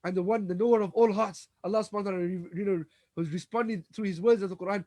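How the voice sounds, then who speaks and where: A man's voice: high voice, steady tone, fast talker, few pauses, mellow, no room sound. A man giving a religious storytelling lecture, retelling events dramatically and acting out the dialogue, with frequent restarts. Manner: frequent restarts and repeated words. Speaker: Islamic lecturer.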